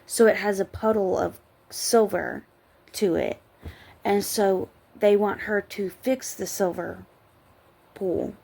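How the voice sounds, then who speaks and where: A woman's voice: medium pitch, fairly even intonation, slow, vocal fry, darkish tone, slightly rough. A tired woman chatting casually late at night, rambling and giggling as she reviews a book. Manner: rambling, giggly, trails off and restarts. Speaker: book vlogger.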